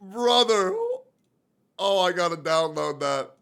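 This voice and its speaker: Excitable high-voiced man streaming. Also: moderate pace, very noisy. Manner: excitable, loud bursts of shouting and swearing. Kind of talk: live stream reaction.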